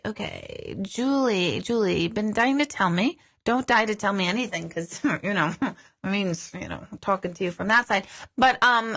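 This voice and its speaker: A middle-aged woman, a psychic medium, chatting casually in a live Q&A and telling stories with lively quoted asides. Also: fairly high pitch.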